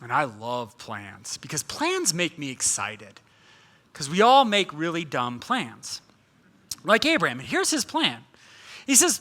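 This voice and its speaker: Male guest preacher with a high, very animated voice, telling his sermon with humor. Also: measured pace. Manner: humorous, conversational preaching with playful asides.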